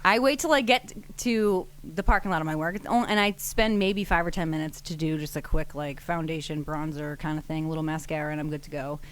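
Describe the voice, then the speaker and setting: A woman's voice: low-pitched, brisk, hardly any pauses, smooth. A woman, a nurse, talking casually and chattily, laughing easily. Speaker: nurse and guest. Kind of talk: casual conversation.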